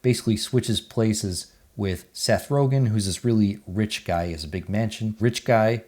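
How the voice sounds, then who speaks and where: A man's voice: fairly low pitch, moderate pace, warm tone. A man, giving casual, blunt movie reviews in a chatty, offhand way. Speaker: movie reviewer, channel host.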